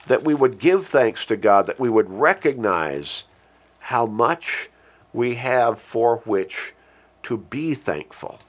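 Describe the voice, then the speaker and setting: A man preaching a sermon who speaks earnestly, repeats key phrases for emphasis, and slows down with a lifted voice when he quotes scripture. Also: medium pitch, animated, a bit bright. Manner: slows and lifts his voice when quoting scripture.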